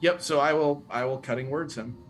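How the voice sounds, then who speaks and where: A man playing a tabletop game, eagerly shouting his character's lines. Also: medium pitch, a little fast.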